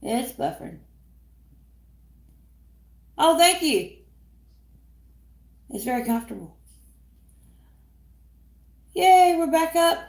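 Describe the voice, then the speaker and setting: A chatty, teasing woman talking on a casual livestream. Her voice is somewhat high, and it rings out in a noticeably echoey room. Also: very animated, takes it slowly, gravelly, long pauses, darkish tone. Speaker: co-host of a homestead livestream.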